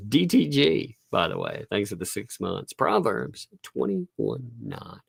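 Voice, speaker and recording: Gravelly man chatting on a livestream. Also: mid-range voice, sing-song, slow pace, no echo, studio quality. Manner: chatty, laughs often between phrases. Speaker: livestream host. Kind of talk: casual live commentary. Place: home.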